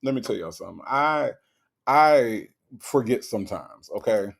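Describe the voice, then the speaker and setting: Animated man hosting a live stream. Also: mid-range voice, normal speed, creaky. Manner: animated, rhetorical questions, repeats himself; slangy, conversational. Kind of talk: casual live commentary reading chat.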